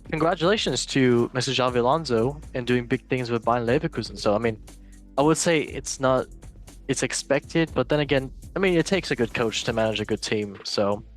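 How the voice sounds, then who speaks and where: A man hosting a casual football news chat, reading headlines with jokey asides and stumbles. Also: medium pitch. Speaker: show host.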